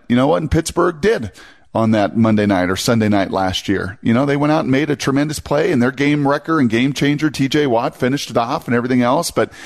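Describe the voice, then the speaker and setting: Animated male sports radio analyst. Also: creaky. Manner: animated, rapid, mimics fans in a high voice. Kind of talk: casual sports talk.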